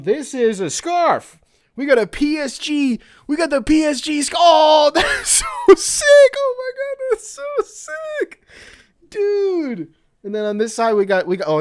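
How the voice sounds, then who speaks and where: Excitable man hosting a podcast from his room, dry close mic, gushing and shouting with laughter, swearing loosely. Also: high voice, no echo. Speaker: podcast host. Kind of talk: excited gift unboxing on a podcast. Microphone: podcast mic, headphones taken off.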